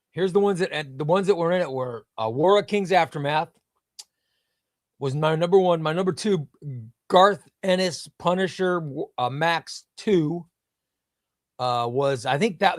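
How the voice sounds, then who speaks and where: A man's voice: fairly high pitch, no echo, studio quality. A man hosting a live comics stream in casual chat, greeting viewers by name and rambling, often repeating himself.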